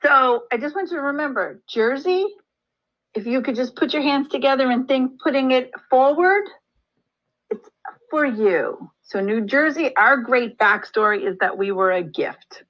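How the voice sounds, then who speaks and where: A woman's voice: high voice, a little slow, dull audio. A woman history teacher giving a recorded lesson, chatty and full of joking asides. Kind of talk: classroom lesson screencast.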